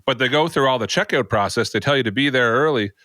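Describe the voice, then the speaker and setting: Pria beraksen Kanada sebagai pembawa podcast yang bercerita santai dan bertele-tele. Suaranya bernada sedang, direkam kering tanpa gema. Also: male voice, mid-range voice, fast talker, bright, forceful tone, dry recording, studio quality. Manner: rambling, many fillers and asides. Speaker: podcast host. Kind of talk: casual storytelling chat.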